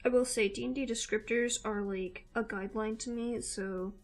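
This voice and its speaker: A woman's voice: fairly high pitch, fairly even intonation, moderate pace, faint music behind. Chatty young woman with a light Southern-Midwestern lilt. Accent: mild Southern-Midwestern American mix. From Missouri, USA. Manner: rambling, chatty, giggly. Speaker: live-streaming artist. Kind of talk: casual chat with viewers while drawing.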